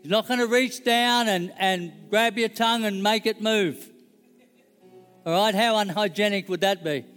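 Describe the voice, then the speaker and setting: Middle-aged male pastor, high pitch, casual joking sermon delivery, echoey church hall, faint music bed. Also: moderate pace, fairly bright tone, smooth. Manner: conversational and joking, checks in with the audience.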